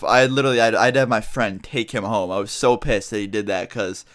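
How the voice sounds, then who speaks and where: Fast-talking teenage guy vlogging. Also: mid-range voice, fairly bright tone. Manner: profane, rambling, recounts with quoted dialogue. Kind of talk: casual storytime vlog.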